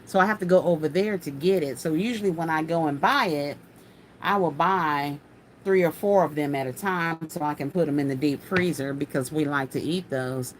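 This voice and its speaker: A woman's voice: low-pitched, normal speed, slight background noise. A woman hosting a casual craft livestream, chatting folksily and laughing often as she answers viewer comments.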